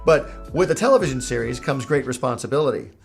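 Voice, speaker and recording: A man's voice: mid-range voice, expressive, fast talker, gravelly, soft background music. A man, a cartoon creator, telling a jokey, self-mocking story in a casual vlog.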